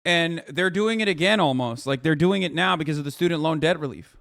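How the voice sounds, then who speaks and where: A man's voice: a little high, brisk, gravelly, fairly bright tone. A man hosting a live stream, reacting to news in a profane, ranting, incredulous way. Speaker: political streamer host. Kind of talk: casual live-stream commentary.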